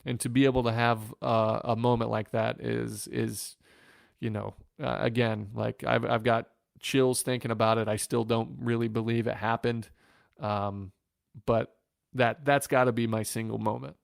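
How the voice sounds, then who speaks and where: A man in his thirties from Northwest Ohio, reflecting on his career in a podcast interview. His voice is gravelly yet smooth and resonant, and he circles back over his words with fillers and restarts. The sound is dry and close. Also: medium pitch, little pitch movement, normal speed, dry recording. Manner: emotional, reflective storytelling with many fillers and restarts. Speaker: guest, former pro pitcher.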